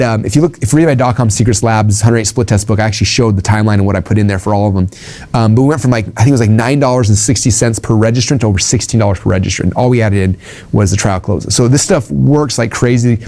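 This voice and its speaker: A man's voice: fairly low pitch, mellow. A man giving an informal sales training talk, rambling with ums and restarts and acting out quoted conversations.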